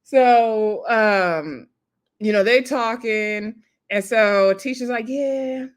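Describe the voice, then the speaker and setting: A woman's voice: fairly high pitch, slow pace. A woman casually recapping a reality TV episode, chatty and laughing often, acting out cast members' lines. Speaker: TV show reviewer.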